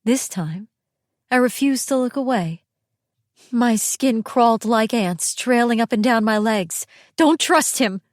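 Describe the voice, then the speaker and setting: A woman reading a first-person audiobook narration in a steady, tense storytelling manner. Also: a little high, a little slow, dry recording, clean studio sound.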